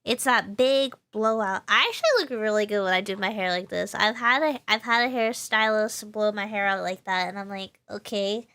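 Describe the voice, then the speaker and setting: A VTuber streamer with a Texan accent chats casually on a live stream, her medium-pitched voice sharp and clean, at normal speed with few pauses. She laughs a lot, responds to chat, restarts her sentences, and sounds slightly stuffy in the nose.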